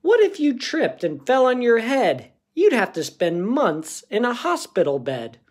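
A man's voice: extremely high pitch, wildly swooping pitch, a little slow, voice pushed up, full character voice. A man voicing a worried mother cat in a storybook reading, scolding her son earnestly.

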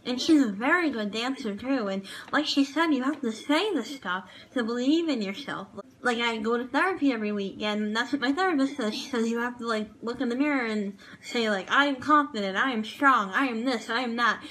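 A woman's voice: on the high side, fairly quick, hardly any pauses, a little hiss or hum, low-quality recording. A woman chatting casually in a vlog review of a TV show, gushing and rambling with lots of fillers. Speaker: vlogger reviewing a TV dance show.

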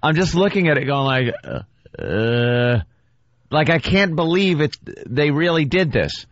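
A man's voice: on the high side, normal speed, a bit bright, dry recording, highs cut off. A man co-hosting a radio talk show, joking and scornful in casual banter.

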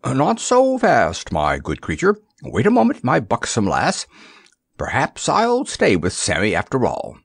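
A jittery little storybook king, as a man puts him on, pitched up high and fussing nervously through every line. The voice jumps around a lot and has a gravelly catch, recorded dry and close. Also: huge pitch swings, a little slow, no room sound, heavily acted. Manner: fussy and nervous, given to giggling. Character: timid, comic little king, quick to flee.

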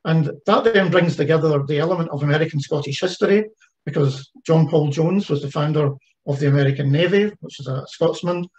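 A man's voice: a little high, fairly quick, darkish tone, lo-fi sound. A man giving an online presentation about a heritage ship project, talking conversationally with frequent fillers and restarts. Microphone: video call.

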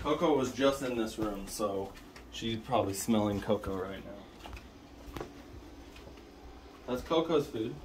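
A man's voice: on the low side, slow, long pauses, noisy background. A man filming a casual home video, explaining his new dog and coaxing the dogs along. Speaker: vlogger.

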